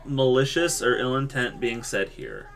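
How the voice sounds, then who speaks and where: Man, podcast co-host, casual chat, joking, animated delivery, average pitch. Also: unhurried, creaky, a little hiss or hum. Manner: joking, animated, mock voices when quoting.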